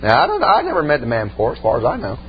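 This preacher's mid-range voice swoops wildly in pitch as he races along, folksy and emphatic, peppering his church sermon with "amen" and "man." A faint hum runs under the muffled recording.

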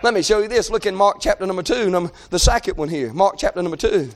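High-voiced impassioned man preaching. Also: expressive, fast. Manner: impassioned, shouting and crying out, conversational asides. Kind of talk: sermon.

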